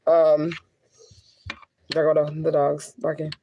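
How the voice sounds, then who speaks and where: Young adult woman, a medium on a casual live stream; blunt, profane, quick to laugh. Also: low voice, completely flat delivery, dark tone, slight background noise. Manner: candid, profane, laughing often. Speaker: spiritual reader and medium. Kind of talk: casual livestream venting.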